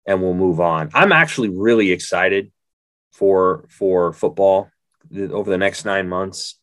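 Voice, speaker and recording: A man's voice: deep voice, a little slow, fairly bright tone, no room sound. A middle-aged man co-hosting a sports podcast, talking bluntly and rambling through his points in casual chat.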